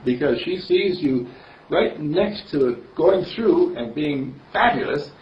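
Speaking slowly, a male minister wanders through a spiritual sermon, chuckling while he tells stories, his pitch lively and rising and falling. He sounds far off in a roomy space, and the audio is dull with a faint hiss.

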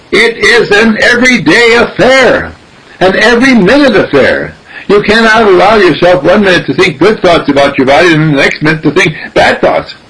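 A man giving an animated spiritual teaching, repeating phrases and acting out dialogues. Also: on the high side, slightly rough, poor audio. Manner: animated, repetitive, acts out dialogue.

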